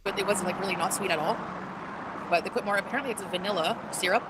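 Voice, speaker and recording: A woman's voice: medium pitch, fast. A middle-aged woman with an Ontario Canadian accent, chatting casually in a vlog as she walks outdoors on a city street. She rambles from topic to topic and laughs often. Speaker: vlogger. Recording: loud street and traffic noise. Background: passing cars and street noise.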